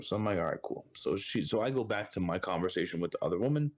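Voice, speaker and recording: A lower-pitched man from Brooklyn with a New York accent tells a story in a casual podcast interview. He acts out each person's lines as he goes, jumping up in pitch for the quoted voices. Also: fast talker. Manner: animated storyteller acting out other people's lines. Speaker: podcast guest, Marine Corps reservist.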